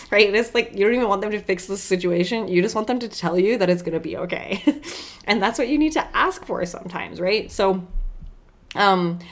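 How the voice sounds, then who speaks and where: A young adult woman hosting a podcast, talking casually and warmly about self-care, often checking in with "right?" and laughing between points. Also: fairly low pitch. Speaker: podcast host.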